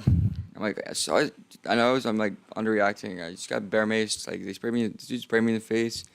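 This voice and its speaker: Gravelly man ranting a story. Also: brisk, no room sound, studio quality. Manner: swearing, animated, acts out dialogue with rising pitch. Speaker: streamer. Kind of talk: casual storytelling rant.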